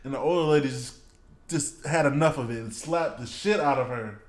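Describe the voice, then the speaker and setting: A man's voice: mid-range voice, brisk, roomy sound. A man co-hosting a casual chat, rambling with many fillers and laughing easily.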